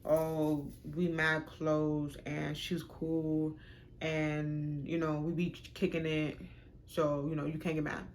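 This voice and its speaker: A woman doing her slow, dismissive ex-boyfriend. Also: low-pitched, completely flat delivery, a little mellow, a little hiss or hum. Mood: drawling, dismissive. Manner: slow, drawn-out explaining. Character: smooth-talking young male ex-boyfriend, dismissive.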